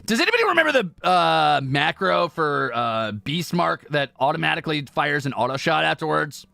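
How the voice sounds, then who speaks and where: A young male streamer with a bright, forceful tone and a lot of swing in his pitch, plus some gravel underneath. He talks in a playful, joking way, trailing into mutters as he types. The sound is dry and close, with soft music playing behind him. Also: very animated, moderate pace, no echo. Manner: playful, joking, drifts into mumbling while typing. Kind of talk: casual gaming livestream chat. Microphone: close streaming mic.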